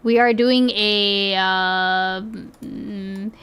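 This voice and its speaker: A woman's voice: medium pitch, steady tone, very slow, fairly bright tone, clean tone. A young woman streaming, chatting casually as she reacts to clips, laughing often and asking "okay?" a lot.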